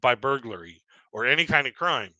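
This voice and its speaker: A man's voice: medium pitch, very animated, fairly quick, pushed and bright, no room sound, muffled recording. A middle-aged man doing casual stand-up storytelling, rambling and chuckling at his own jokes. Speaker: stand-up comedian. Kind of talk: casual stand-up storytelling on a live audio panel.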